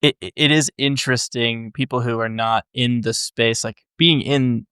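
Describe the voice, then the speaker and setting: A man hosting a casual interview podcast, talking in a relaxed, rambling way and repeating words as he thinks. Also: mid-range voice, normal speed, smooth, no room sound, clean studio sound. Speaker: podcast host.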